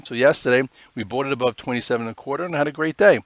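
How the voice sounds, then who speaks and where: A man's voice: mid-range voice, rapid-fire, no echo. A man hosting a live stock trading show, giving casual, rambling commentary on charts with many fillers.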